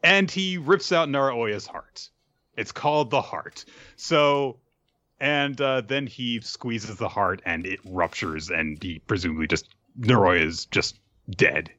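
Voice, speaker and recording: A man's voice: on the low side, slow pace, sharp tone, no room sound, lo-fi sound. A man animatedly recapping a show in casual chat, laughing often.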